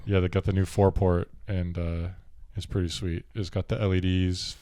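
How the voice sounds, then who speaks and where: Male podcast host, deeper voice, loose rambling chatter, dry mic. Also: level tone, normal speed, warm tone, no echo. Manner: rambling, many "like"s, laughs easily. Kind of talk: casual chat.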